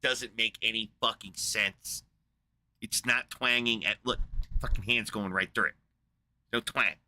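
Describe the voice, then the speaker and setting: Deep, sharp-voiced man ranting profanely. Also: steady tone, unhurried. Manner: rambling, profane, filler-heavy, incredulous. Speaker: podcast host. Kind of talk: casual profane rant.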